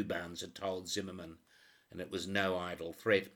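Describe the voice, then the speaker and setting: Low bright male voice reading a crime story, steady and even. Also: normal speed. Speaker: narrator. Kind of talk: audiobook narration.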